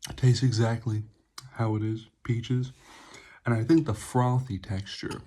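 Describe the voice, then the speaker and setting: A man's voice: mid-range voice, fairly even intonation, measured pace, dark tone. A young man reviewing an energy drink, making sarcastic, swearing asides. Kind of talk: casual product review vlog.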